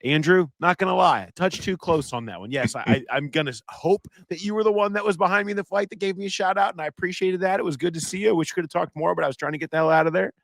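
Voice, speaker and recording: A man with a Midwestern American accent co-hosting a casual sports podcast, animated and joking as he shouts out listeners. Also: high-pitched, racing, vocal fry, hardly any pauses, no room sound, studio quality. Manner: animated, joking, reads listener submissions aloud. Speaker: podcast co-host.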